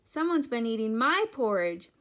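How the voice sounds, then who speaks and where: A woman voicing a motherly mother bear in a storybook, with a loud, lifted, indignant delivery. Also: on the high side, sing-song, moderate pace.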